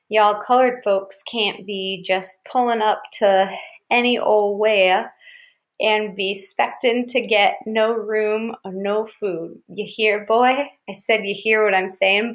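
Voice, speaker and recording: A woman puts on a father hamming up a slow, exaggerated Southern drawl. He stretches his words and barks out "boy" in mock sternness. It is playful bluster meant to make his kids laugh. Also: medium pitch, lightly acted. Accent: imitation American Southern drawl. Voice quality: drawling, slowed, mocking bluster. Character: grown man mimicking a Southern drawl.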